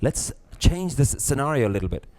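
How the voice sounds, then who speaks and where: A middle-aged man, teaching a live class, lively, acting out little scenes and laughing often. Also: mid-range voice, brisk. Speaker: spiritual teacher.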